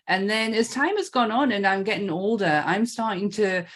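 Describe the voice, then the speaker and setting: A woman talks in a lively, casual way. She swears easily and keeps a mid-range pitch. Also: moderate pace. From Northeast England. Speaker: podcast co-host. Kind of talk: casual chat.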